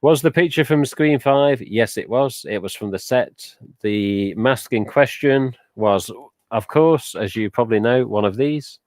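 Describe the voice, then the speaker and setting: A man's voice: medium pitch, unhurried, darkish tone, no room sound. A man hosting a casual live stream, rambling chattily with lots of "uh" and "but yeah" as he reads out viewer comments. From England.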